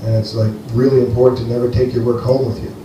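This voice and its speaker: A man from Greece doing a rambling, deadpan stand-up set for a live audience at a comedy venue. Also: medium pitch, quick pace, far from the mic, lo-fi sound, a little hiss or hum. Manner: rambling, deadpan, playful with the crowd. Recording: echoey live room, heard from afar.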